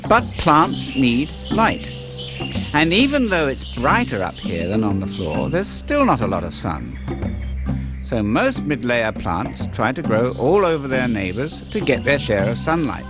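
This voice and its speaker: Playful man narrating over music. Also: mid-range voice. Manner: jokey, playful. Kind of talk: scripted wildlife narration for kids.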